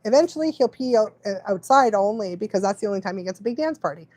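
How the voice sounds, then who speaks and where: A woman's voice: mid-range voice, animated, fast talker, darkish tone, no room sound. A woman dog trainer giving casual live advice, chatty, often laughing and checking in with the listener.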